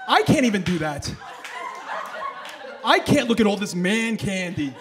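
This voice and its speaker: A man doing a loud, animated stand-up set in the back room of a bowling alley, working the crowd. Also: high-pitched, a little slow, pauses often. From New York. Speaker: stand-up comedian.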